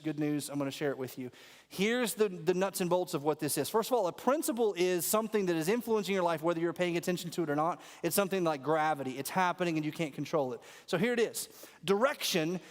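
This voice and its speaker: A man preaching a sermon as pastor, telling animated stories and leading the congregation in call-and-response. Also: sits high. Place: church auditorium. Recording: long hall reverb.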